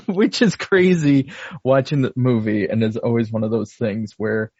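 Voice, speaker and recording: A man's voice: medium pitch, measured pace, darkish tone, slightly rough, dry recording. A man co-hosting a casual movie podcast, recapping the plot and laughing often. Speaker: podcast co-host. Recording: dull dry home recording.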